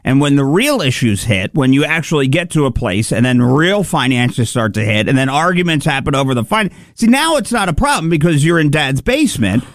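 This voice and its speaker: A man co-hosting a radio show, blunt and halting, full of fillers in casual banter. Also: mid-range voice, very animated, dry recording, clean studio sound.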